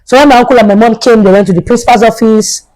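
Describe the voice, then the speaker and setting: A woman's voice: a little high, fairly even intonation, quick pace, a little mellow, rough recording. A young adult woman, a vlogger telling a storytime tale in a chatty way and repeating herself for emphasis. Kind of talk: storytime vlog.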